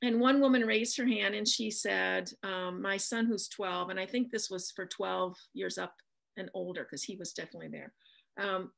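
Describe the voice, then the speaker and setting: A woman's voice: mid-range voice, fairly even intonation, normal speed, vocal fry, a bit bright. A middle-aged woman from the American Midwest, an author chatting in an interview and telling a long anecdote with lots of ums. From Midwestern United States. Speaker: author guest. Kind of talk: casual interview storytelling.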